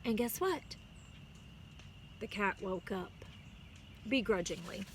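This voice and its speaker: A woman, a music teacher, reading a picture book aloud to her students outdoors and pausing to explain words to the children. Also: medium pitch, expressive, noisy background. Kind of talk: storybook read-aloud. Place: outdoors on a chilly day.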